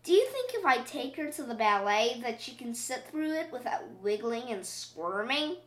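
A woman's voice: on the high side, big pitch swings, normal speed. A woman voicing an exasperated but loving mother pig in a storybook reading. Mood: fond. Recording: roomy echo.

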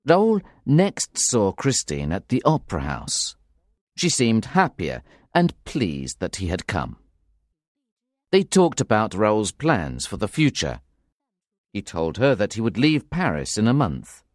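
A man narrating a graded reader story in a slow, clear and expressive way. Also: lowish voice, dry recording, studio quality. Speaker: audiobook narrator.

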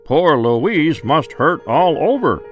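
A kindly storybook doctor with a gentle, reassuring way of speaking, as a man reads him. He speaks slowly, and soft piano plays behind him. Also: a little high, sing-song, muffled recording, pitched above the performer's own voice.

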